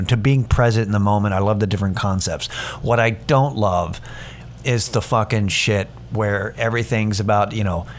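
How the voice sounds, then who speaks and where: A man's voice: lowish voice, slight background noise. A man hosting a podcast, ranting sarcastically in a casual, profane, rambling monologue full of restarts. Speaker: podcast host.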